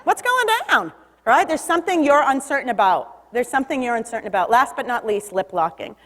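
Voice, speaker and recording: A woman giving an energetic public talk about body language, leading the audience to repeat after her. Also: a little high, fast. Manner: lively, leads audience call-and-response. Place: stage in a large hall. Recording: long hall reverb.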